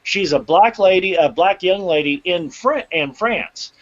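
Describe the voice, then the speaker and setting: A man's voice: high-pitched, expressive, measured pace, dry recording. A man hosting a segment of a casual podcast, loose, laughing and profane. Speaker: segment host. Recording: dull lo-fi sound.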